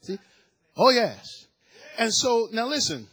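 A middle-aged man preaching a sermon, animated and rising to shouts of praise as he acts out the voices he quotes. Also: very high-pitched, takes it slowly, slightly rough.

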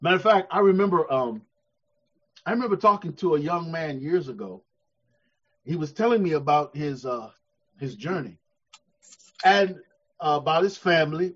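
A male preacher with a high-pitched voice delivers a sermon, rising to fervent shouts and sinking to soft, slow passages. The sound is dull and lo-fi. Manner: preaching with call-and-response, swelling to shouts then dropping soft. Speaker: pastor.

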